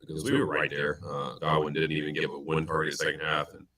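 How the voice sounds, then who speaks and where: A man with a very low, bright and forceful voice talks through his betting picks on a stream. He rambles with plenty of fillers and restarts. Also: steady tone, fairly quick, poor audio. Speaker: sports betting show co-host. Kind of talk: casual sports betting chat. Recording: stream audio, sometimes robotic-sounding.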